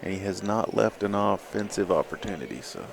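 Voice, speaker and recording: A low, gravelly male voice talks a pool match through in an unhurried way, breaking off now and then to chuckle. The commentary mic carries a clear layer of steady noise. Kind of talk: play-by-play commentary.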